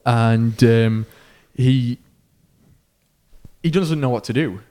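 A man hosting a podcast, spinning a tale in a casual chatty way. His voice sits at an ordinary middle pitch, and his animated telling leans into the tension as the story builds. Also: slow. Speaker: podcast host.

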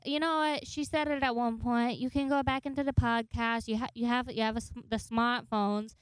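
A bratty young girl puppy with a cheeky, whiny way of talking back, as a woman puts her on. The voice sits a little high, smooth and clear. It is recorded dry, with no room around it. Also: a bit bright, no room sound. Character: sassy foul-mouthed young female puppy.

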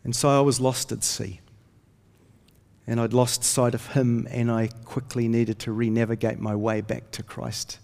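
An unhurried, creaky, slightly mellow male voice of medium pitch keeps a level tone through this sermon. The pastor tells stories earnestly and lifts his voice when reading scripture, and the hall gives a long reverb.

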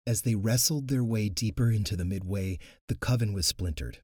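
Male audiobook narrator, expressive, husky, low voice, dry studio sound. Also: normal speed, no echo. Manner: expressive, animated.

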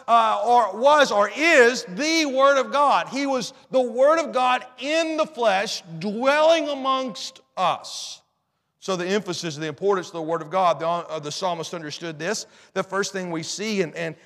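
High-voiced man preaching in an echoey hall. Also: a bit bright. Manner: earnest, repeats and restarts phrases, quotes scripture. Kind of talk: sermon. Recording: long reverb in a hall.

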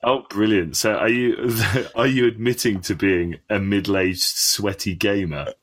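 A man co-hosting a casual gaming chat, trading mocking insults and quick to laugh. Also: fairly low pitch, slight background noise. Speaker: co-host.

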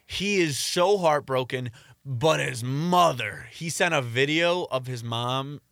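Young male storyteller, bright forceful tone, dry close sound, lively acted-out quotes. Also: mid-range voice, slow, creaky, no echo. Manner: animated storytelling, acting out quotes. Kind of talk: casual podcast chat.

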